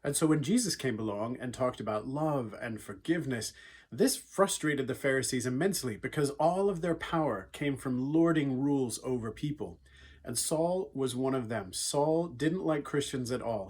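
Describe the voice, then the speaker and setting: A man's voice: mid-range voice, lively intonation, moderate pace, darkish tone, slightly rough. A man giving an earnest, conversational devotional talk for young people, retelling a Bible story. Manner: earnest, conversational, with frequent fillers. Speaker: youth speaker.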